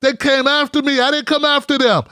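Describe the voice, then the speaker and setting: A man's voice: extremely high pitch, steady tone, fairly quick, bright, forceful tone, dry recording, studio quality. A middle-aged man hosting a live commentary show, ranting in a heated, profane, mocking way.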